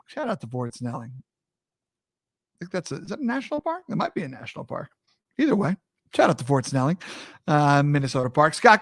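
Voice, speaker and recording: A man's voice: on the high side, fairly bright tone, dry recording, clean studio sound. A man from the US East Coast hosting a live talk show, chatting energetically and calling his viewers friends. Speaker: host.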